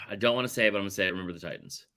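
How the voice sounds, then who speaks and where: A man's voice: deep voice, rapid-fire, bright, forceful tone. A man hosting a casual sports podcast, ranting animatedly and swearing freely. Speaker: podcast host.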